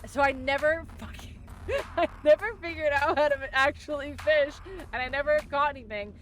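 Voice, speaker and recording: A woman's voice: sits high, normal speed. A woman streamer chatting casually while playing, giggling often and rambling with lots of fillers and swearing. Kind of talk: casual gaming chat.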